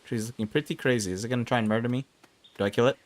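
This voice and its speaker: A man's voice: medium pitch, very fast. Chatty man rambling over game play. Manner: chatty, rambling asides with self-mocking jokes. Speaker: streamer playing an online game. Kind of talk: casual gameplay commentary. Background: game music.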